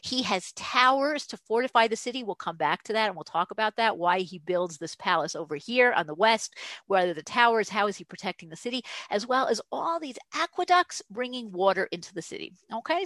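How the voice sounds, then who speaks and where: A woman gives a classroom lecture in an even, mid-pitched voice. She explains patiently and keeps checking in with "right?". The sound is close and dry. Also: dry recording. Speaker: teacher.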